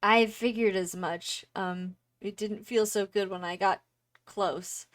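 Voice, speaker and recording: A woman voicing a weary, injured young woman trapped in a cave, with a raspy voice and a relieved, tired way of talking. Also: mid-range voice, steady tone, slow pace, natural voice. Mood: wry.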